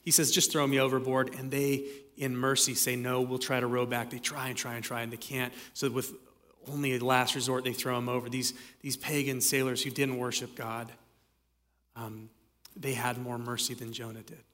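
A man giving a sermon as pastor, telling stories in a relaxed, conversational way with frequent fillers. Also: medium pitch, moderate pace. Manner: conversational storytelling with many fillers. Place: church sanctuary. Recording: long hall reverb.

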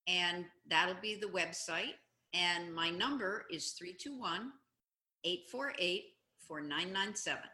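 A woman guest speaking in a casual interview over a video call, telling stories with expressive emphasis. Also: fairly low pitch, takes it slowly. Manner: expressive, warm storytelling with animated emphasis. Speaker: guest, anti-bullying advocate. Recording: roomy, echoey room sound.

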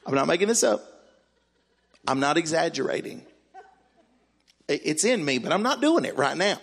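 Animated pastor, high and gravelly, storytelling sermon. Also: male voice, normal speed, pauses often. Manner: animated, exclamatory, acts out voices.

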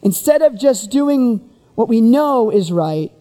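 A preacher giving a sermon, who retells the story in an animated way and keeps asking the listeners rhetorical questions. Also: mid-range voice, takes it slowly, big-room sound.

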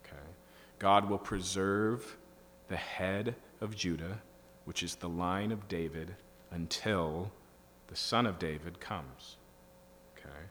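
A pastor explaining scripture line by line, building to emphatic bursts. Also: male voice, low-pitched, takes it slowly, pauses often, a bit bright. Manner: teaching, rising to emphatic bursts. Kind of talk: expository sermon. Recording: reverberant hall with faint hum.

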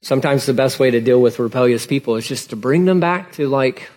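Casual, animated male pastor preaching. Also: medium pitch, a little fast. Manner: casual, conversational preaching with animated acted-out dialogue. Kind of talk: sermon.

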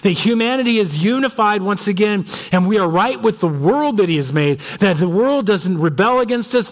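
High-voiced impassioned male preacher. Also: fairly bright tone. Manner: impassioned, big swings between high emphasis and low gravity. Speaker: pastor. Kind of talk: sermon.

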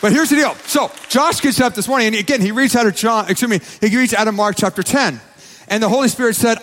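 A pastor delivers his sermon with emphatic repetition. His voice sits high for a man. Long reverb from the church hall trails after every phrase. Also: quick pace, a bit bright, some chatter behind. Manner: emphatic, repeats phrases, quotes people in acted voices.

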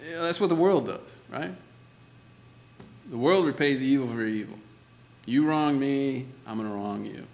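A man's voice: mid-range voice, moderate pace, creaky. A man preaching a sermon in a church, talking conversationally and laughing often, with lots of "you know" and "right?". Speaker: pastor.

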